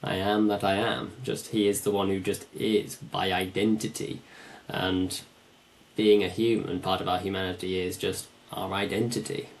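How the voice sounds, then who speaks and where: A man's voice: low-pitched, level tone, normal speed. A man hosting a podcast conversation, reflective, building his ideas in repeated phrases. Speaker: podcast host.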